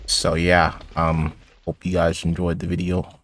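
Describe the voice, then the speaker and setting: A teenage boy with a low voice rambles through stories while he plays a game. He restarts his sentences often and drops in sarcastic asides. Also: monotone, a little slow, creaky, fairly bright tone. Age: teens. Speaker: gaming YouTuber. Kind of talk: casual commentary over gameplay.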